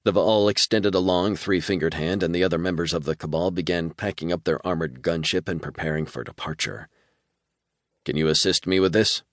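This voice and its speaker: A man narrating an audiobook in a measured, storytelling manner. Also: low-pitched, no echo, studio quality. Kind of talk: scripted narration.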